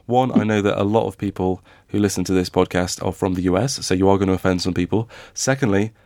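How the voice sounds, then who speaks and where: A man's voice: low-pitched, a little mellow, no echo, clean studio sound. A man co-hosting a podcast about writing, talking casually with many restarts and fillers. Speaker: podcast co-host, novelist.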